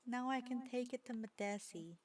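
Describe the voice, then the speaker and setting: A woman's voice: on the high side, moderate pace, a little mellow, no echo. A woman live-streaming a game from home, chatting casually, self-mocking and swearing freely.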